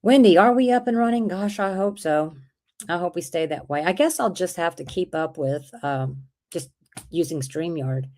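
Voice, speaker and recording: A woman hosting a casual livestream, chatting with viewers, with an irritated throat she keeps clearing. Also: on the low side, moderate pace, darkish tone. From Texas. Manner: chatty, rambling, reads out viewer comments. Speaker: livestream host.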